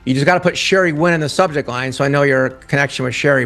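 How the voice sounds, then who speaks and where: A man's voice: medium pitch, fast, fairly bright tone, faint music behind. A middle-aged man chatting as a podcast guest, enthusiastic and motivational, laughing easily. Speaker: podcast guest, publishing founder. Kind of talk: casual interview chat.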